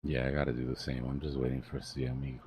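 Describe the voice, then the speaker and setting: Deep husky laid-back male stream host. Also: level tone, fast, a little mellow, no echo. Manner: laid-back, slangy, coaching tone. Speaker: host and technical analyst. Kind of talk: casual live-stream chat about trading.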